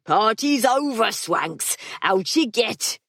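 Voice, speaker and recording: A woman voicing a loud, brash male crook who shouts coarse orders. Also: on the high side, lively intonation, takes it slowly, dry recording, clean studio sound, pitched above the performer's own voice, heavily acted. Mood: shouting.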